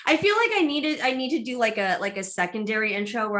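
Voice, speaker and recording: Bright-voiced playful woman host. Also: on the high side, very animated, quick pace, hardly any pauses. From United States. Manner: playful, bawdy, teasing. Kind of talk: comedic drinking chat show.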